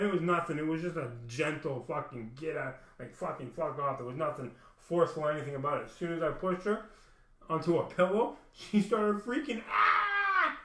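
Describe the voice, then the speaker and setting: A man's voice: fairly high pitch, slight background noise. Profane rambling man, echoey room. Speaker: vlogger telling a personal story. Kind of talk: casual monologue.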